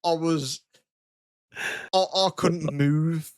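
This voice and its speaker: A man's voice: on the high side, steady tone, very slow, no echo, clean studio sound. A young English man, a podcast co-host, telling funny stories in casual chat, swearing and laughing. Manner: storytelling, swearing, breaks into laughter.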